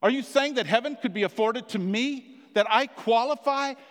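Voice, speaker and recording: A man's voice: extremely high pitch, moderate pace, fairly bright tone, pitched above the performer's own voice. A man preaching a sermon voices a repentant woman in earnest, pleading lines, with a long hall reverb. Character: repentant grown woman, ashamed then hopeful.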